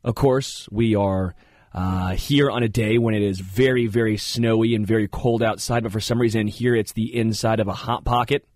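A man hosting a talk show, telling rambling, animated stories in casual studio banter. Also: lowish voice, moderate pace, no echo. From Kansas City area. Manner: rambling, animated storyteller who jumps into funny voices. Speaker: radio show host.

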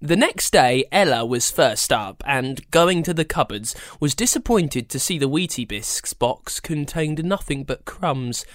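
A storyteller reads a children's story aloud with animated, expressive delivery. The voice sits mid-range but moves widely. It is recorded close, in a dead, dry space. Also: mid-range voice, a little slow, few pauses, no echo.

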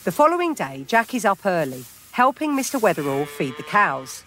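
Expressive storybook narrator over music. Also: medium pitch, moderate pace. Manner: expressive, chatty asides to listeners.

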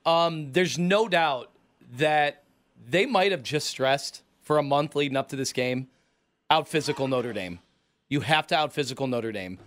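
A man's voice: a little high, animated, a little slow, a bit bright. A man co-hosting a sports podcast, breaking down a game in casual chat. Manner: chatty, laughs easily, analytical. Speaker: podcast co-host.

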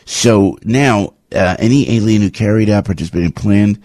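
A man's voice: fairly low pitch, moderate pace, darkish tone, dry recording. A man hosting a talk radio show, giving rambling, indignant commentary with lots of restarts.

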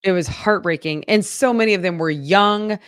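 A woman's voice: medium pitch, normal speed. A woman co-hosting a local news podcast, chatty and upbeat, reading headlines and then riffing on them. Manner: chatty, upbeat, reads stories then riffs.

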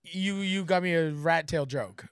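A man's voice: on the high side, a little slow, smooth. A man co-hosting a casual podcast chat, telling stories with animation and acting out quotes. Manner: animated storytelling, acts out quotes loudly. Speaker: podcast co-host.

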